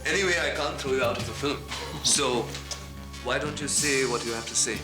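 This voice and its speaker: An actor playing a measured, quietly sarcastic male film director. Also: medium pitch, steady tone, music in the background, lightly acted. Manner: measured, dry, quietly probing. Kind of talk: 1990s TV drama acting.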